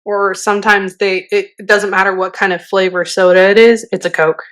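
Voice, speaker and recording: Relaxed woman, wry podcast co-host. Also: mid-range voice, normal speed. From Southern California. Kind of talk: casual chat.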